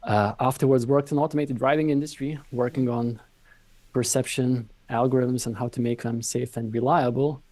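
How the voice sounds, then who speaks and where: A man with a Lithuanian accent speaks as a podcast guest, explaining in a calm, considered way and sometimes circling back to rephrase. His voice is warm and mellow. The sound is close and dry, with no room around it. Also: mid-range voice, normal speed, no echo. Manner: thoughtful, explanatory, with frequent restarts. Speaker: podcast guest, company founder. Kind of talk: conversational interview explanation.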